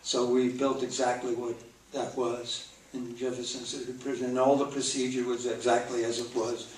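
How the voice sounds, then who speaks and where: A man's voice: medium pitch, little pitch movement, moderate pace, slight background noise. An older actor speaking as a guest in an on-stage Q&A, reminiscing and restarting his sentences often. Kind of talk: on-stage Q&A with a film audience. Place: theater stage before an audience. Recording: echoey hall, mic from far off.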